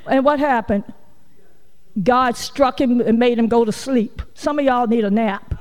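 A woman's voice: fairly high pitch, a little slow, darkish tone, big-room sound. A woman preaching a folksy, conversational sermon, acting out quotes and laughing often. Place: church sanctuary.

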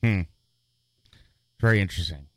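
A man's voice: sits low, moderate pace, no echo. A man co-hosting a casual chat, joking around and talking with hesitant restarts. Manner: jokey, hesitant, with frequent restarts and sound-effect gags. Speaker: podcast co-host.

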